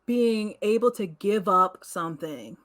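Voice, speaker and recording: A woman's voice: medium pitch, animated, a little slow, fairly bright tone. A woman co-hosting a casual podcast chat, talking in an earnest, reflective way and laughing between points. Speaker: podcast co-host.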